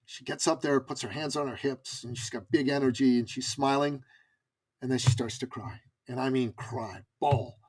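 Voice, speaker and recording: A man's voice: mid-range voice, moderate pace, breathy edge. A middle-aged man telling a personal story as a podcast guest, earnest and emphatic. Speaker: podcast guest, business coach.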